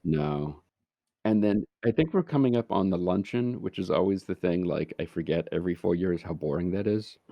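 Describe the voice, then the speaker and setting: A man's voice: low-pitched, lively intonation, moderate pace, no room sound, highs cut off. A man co-hosting a podcast, chatting casually with wry, dry humor. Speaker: podcast co-host. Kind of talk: casual chat.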